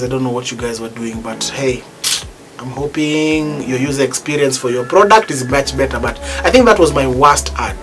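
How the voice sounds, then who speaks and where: Male gospel singer, animated storyteller, loud bursts of excitement, music playing behind. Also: medium pitch. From East Africa. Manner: animated, jumps to loud exclaims when excited.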